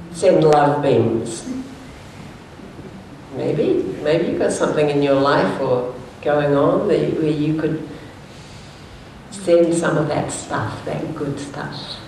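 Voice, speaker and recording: Woman minister, conversational sermon, storytelling, echoey church hall, distant mic, faint rumble. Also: a little slow, long pauses. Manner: conversational, anecdotal, animated quoting. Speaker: minister, speaker.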